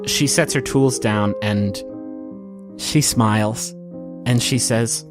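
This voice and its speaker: A man narrating as game master of a tabletop game, telling the scene gently and unhurried, over soft piano and guitar music. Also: lowish voice.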